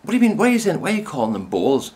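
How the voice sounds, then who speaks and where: A woman's voice: low voice, big pitch swings, racing, a little mellow, voice pushed up. A man voicing a worried young woman pharmacy assistant, fussing and baffled as she questions a customer.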